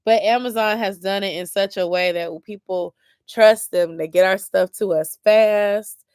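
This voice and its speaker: A woman's voice: medium pitch, steady tone, measured pace, darkish tone, smooth, no echo, clean studio sound. A young woman, chatting casually and a bit sleepily with viewers in a rambling, informal way. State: sleepy, yawning. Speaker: lifestyle vlogger. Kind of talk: casual late-night chat with viewers.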